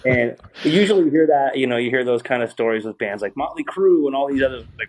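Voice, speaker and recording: A man's voice: mid-range voice, lively intonation, quick pace, few pauses, low-quality recording. A man from California, a musician turned manager, telling candid stories in an interview and laughing wryly at himself.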